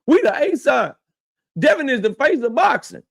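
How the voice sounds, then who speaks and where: A man with a high-pitched voice rants as a boxing channel host, speaking straight to the person he is calling out. He is confrontational and swears freely. He hammers each point by saying it more than once. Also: very animated, moderate pace, vocal fry, dry recording, clean studio sound. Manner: confrontational, profane, repeats his points; addresses his target directly. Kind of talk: heated commentary rant.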